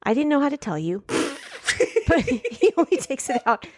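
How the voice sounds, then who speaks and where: A woman co-hosting a podcast, chatting casually about a movie, animated and often laughing. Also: high-pitched, moderate pace, a little hiss or hum. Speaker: podcast co-host. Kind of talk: casual chat recapping a movie.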